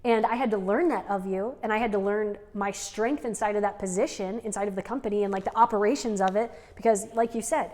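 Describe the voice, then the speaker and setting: A woman's voice: medium pitch, fast talker, few pauses, darkish tone. A woman co-hosting an unscripted couple's podcast, talking in a rambling way with frequent "like" and "right?". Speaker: podcast co-host. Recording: long reverb.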